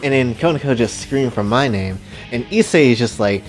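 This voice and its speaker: A man casually retelling his own story, animated and joking, with profane asides to his listeners. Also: medium pitch, normal speed, few pauses, faint music behind.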